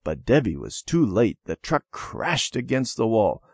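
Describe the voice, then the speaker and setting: A man reading a children's storybook aloud with gentle, expressive storytelling. His pitch moves a great deal, and the recording is dry and close. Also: a little slow, no echo. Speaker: narrator.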